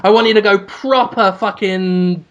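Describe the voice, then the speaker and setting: A man co-hosting a podcast, telling a sweary comic story with shouted mock proclamations. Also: high voice, fairly even intonation, unhurried, muffled recording. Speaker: podcast co-host. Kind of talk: casual comedic storytelling.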